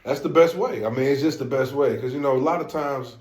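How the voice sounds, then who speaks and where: A man with a St. Louis accent talks easily on a casual podcast, slangy and relaxed, leaning on fillers. His voice sits in a middle range. The room around him is echoey. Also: medium pitch, brisk. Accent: St. Louis African American Vernacular English. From St. Louis, USA. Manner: laid-back, slangy, lots of fillers. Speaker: podcast co-host.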